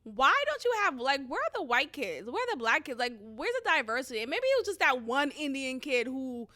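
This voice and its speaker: Speaking to camera, a woman tells a story as a casual rant, blunt and animated, cursing freely and laughing between lines. Her voice sits high and she talks fairly quickly.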